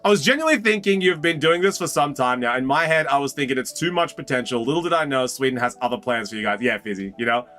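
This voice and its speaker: A man's voice: mid-range voice, fast, few pauses, bright, forceful tone. Rambling, slangy young Australian man. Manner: rambling, slangy, repeats himself. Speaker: streamer opening trading cards. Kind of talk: casual live chat.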